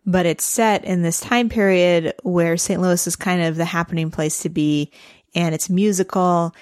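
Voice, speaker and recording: A woman's voice: on the low side, steady tone, moderate pace, a little mellow, dry recording, clean studio sound. A woman with a Midwestern accent co-hosting a podcast, amused and easygoing in casual chat. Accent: Midwestern American. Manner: amused, easygoing, laughs often. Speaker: podcast co-host.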